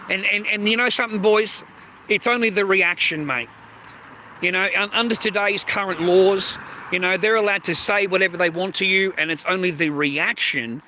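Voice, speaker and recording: High-pitched swearing Australian man. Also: pushed and bright, slight background noise. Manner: heavy swearing, repetitive, keeps calling listeners mate and bro. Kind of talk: ranting monologue to viewers.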